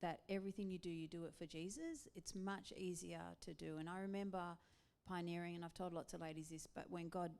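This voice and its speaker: A woman with an Australian accent, a pastor's wife, chatting casually in a church interview, animated and laughing often. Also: lowish voice, fairly quick.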